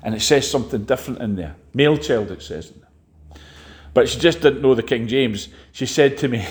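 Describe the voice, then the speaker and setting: A man preaching a sermon, halting and restarting often and asking the congregation rhetorical questions. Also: medium pitch, expressive, echoey room. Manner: halting, with frequent fillers and restarts.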